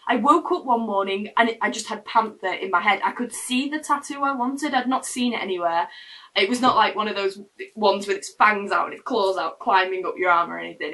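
Chatty woman with a bright voice. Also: medium pitch, recorded from a distance, poor audio. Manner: rambling, chatty, restarts often. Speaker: vlogger. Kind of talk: casual personal storytelling to camera. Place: her room. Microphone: camera mic.

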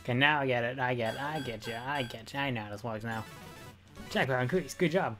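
Brief: casual male streamer, mid pitch, chatty, swears, faint game music behind. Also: brisk. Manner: excitable, repeats phrases, swears freely. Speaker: gaming streamer. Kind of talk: casual gameplay commentary.

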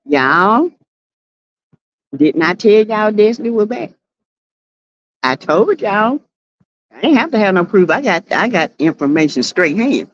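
A woman with a Southern US accent hosts a casual livestream, sassily greeting viewers in chat by name with drawn-out exclamations. Her mid-range voice has a sing-song lilt, and the audio sounds dull.

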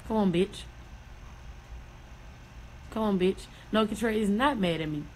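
A woman's voice: mid-range voice, a little hiss or hum, poor audio. A woman angrily ranting on social media, swearing and repeating herself. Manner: angry, profane, fast.

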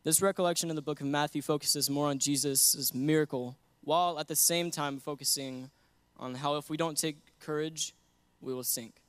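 A man's voice: on the high side, steady tone, normal speed, a bit bright, clear, resonant tone, no room sound. A young man giving an earnest sermon that mixes scripture with a personal story, often laughing between points. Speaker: guest preacher.

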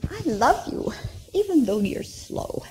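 A woman voicing a gentle, loving white dove of peace in a children's storybook tale, speaking sweetly and tenderly. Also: sits high, very animated, takes it slowly, soft background music, pitched above the performer's own voice, full character voice, rough recording.

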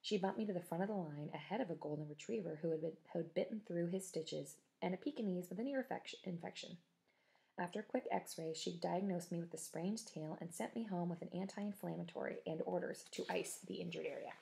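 A woman's voice: fairly low pitch, a little fast, creaky, mellow. A woman reading a children's book chapter aloud, chatty, with casual asides to listeners. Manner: chatty, self-correcting. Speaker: audiobook reader.

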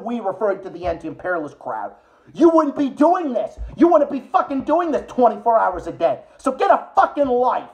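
A young man delivering an angry late-night political rant, swearing heavily, repeating himself, and mocking his opponents with sarcasm. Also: high-pitched. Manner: profane, aggressive, repetitive, sarcastic. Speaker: political commentator.

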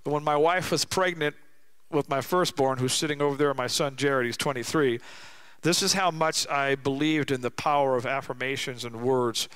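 A man's voice: medium pitch, fairly bright tone, clear, resonant tone. Emphatic middle-aged man preaching. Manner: emphatic preaching, slows down to stress key lines. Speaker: guest speaker. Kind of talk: sermon. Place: church.

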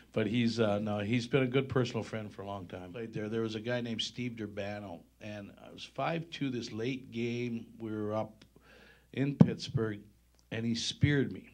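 A man's voice: fairly low pitch, a little slow. A man, a former hockey player, telling stories on stage at a public event and laughing through the punchlines. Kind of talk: animated storytelling at a live event.

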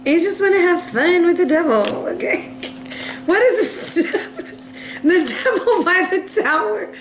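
High-voiced playful woman reading tarot. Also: expressive, unhurried, roomy sound. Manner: playful, laughing, acts out little voices. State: coughing now and then. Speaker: tarot reader.

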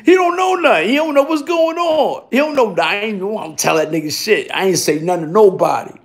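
A man's voice: sits high, lively intonation, brisk. A man telling a profane, streetwise story from his workday, acting out the other people and the sound effects himself. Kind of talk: casual spoken storytelling.

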